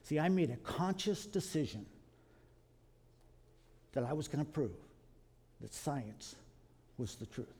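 Folksy man preaching, higher voice. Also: measured pace, pauses often, slightly rough. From Kentucky. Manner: animated storytelling, calls listeners folks. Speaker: creationist speaker. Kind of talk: folksy preaching to a live audience.

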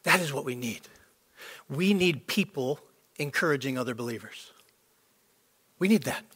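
A man's voice: medium pitch, animated, moderate pace, fairly bright tone, husky. A man preaching a sermon to a congregation, emphatic and repetitive for stress. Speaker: pastor. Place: church sanctuary. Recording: long hall reverb.

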